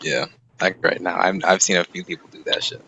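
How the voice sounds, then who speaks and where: A man's voice: low-pitched, level tone, a little fast, pushed and bright, highs cut off, slight background noise. A man hosting a podcast, telling a rambling, profane story in casual chat. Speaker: podcast host.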